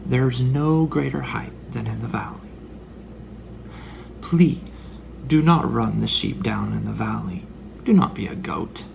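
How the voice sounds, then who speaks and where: A man's voice: mid-range voice, gravelly, a little hiss or hum. A man in his forties delivering a religious monologue, dramatic, sometimes dropping into whispered asides. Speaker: religious speaker. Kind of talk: preaching monologue.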